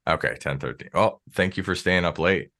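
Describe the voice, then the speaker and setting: A low-pitched American man hosts a podcast, his tone bright and forceful. He talks in a loose, rambling way, full of filler words. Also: a little fast. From United States. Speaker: podcast host. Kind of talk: casual interview chat.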